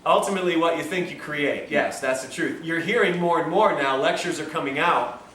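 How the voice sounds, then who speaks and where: A man's voice: a little high, a little fast, pushed and bright. A man giving a health lecture, telling a personal story in a conversational way and acting out the dialogue. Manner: conversational, acts out quoted dialogue. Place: lecture room at a health institute. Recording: echoey room from far off, faint hiss.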